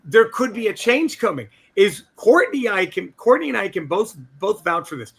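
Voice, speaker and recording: A man co-hosting a comedy politics podcast, swearing freely in loose, animated banter. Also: sits high, moderate pace, vocal fry, slightly rough. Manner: animated, swears a lot, mimics quoted people. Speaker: podcast co-host.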